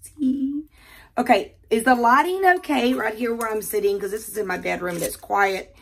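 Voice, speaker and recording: An older woman from the American South with a Southern accent, chatting casually and talking fast while she unboxes jewelry in her quiet bedroom. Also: fairly high pitch, gravelly, a little hiss or hum.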